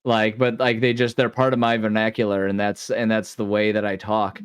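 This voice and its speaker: A man's voice: fairly low pitch, flat delivery, normal speed, clean tone, no room sound, clean studio sound. A man with a Midwestern accent chatting casually as a podcast co-host, rambling with many restarts and easy laughter.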